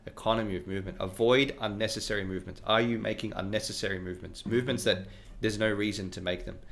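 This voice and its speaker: A man giving a casual guitar lesson, explaining technique in a relaxed way and often checking in with "right?". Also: fairly low pitch, vocal fry. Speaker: guitar teacher. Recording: faint guitar music behind voice. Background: his own guitar playing between phrases.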